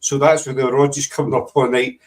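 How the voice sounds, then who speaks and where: A man's voice: medium pitch, level tone, fast, recorded from a distance, rough recording. A Scottish man in casual chat, telling funny stories with laughter and swearing. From Scotland. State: half deaf. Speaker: paranormal team member guest.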